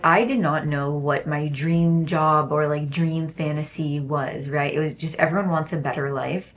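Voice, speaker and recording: A young woman talking casually and effusively to camera about self-belief, rambling and repeating herself for emphasis. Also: low voice. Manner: gushing, rambling, emphatic repetition. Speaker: self-development course creator. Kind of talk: casual motivational vlog.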